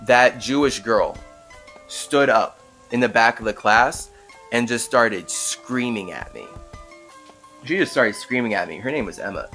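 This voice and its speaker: A young man hosting a podcast, telling a story in an animated, casual way with frequent fillers. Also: medium pitch. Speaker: podcast host. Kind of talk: casual monologue.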